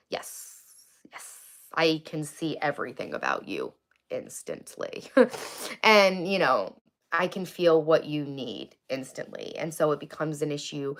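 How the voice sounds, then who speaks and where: A woman's voice: deep voice, creaky, a bit bright. A woman hosting a casual livestream, teary and crying on and off, talking candidly and reading viewer comments aloud. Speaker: livestream host.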